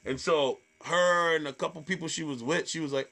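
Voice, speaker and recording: A man, a comedian, telling stage stories in casual chat, swearing freely and acting out hecklers in loud voices. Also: a little high, brisk, gravelly, few pauses. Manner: animated storyteller, acts out hecklers in loud voices. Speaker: stand-up comedian guest.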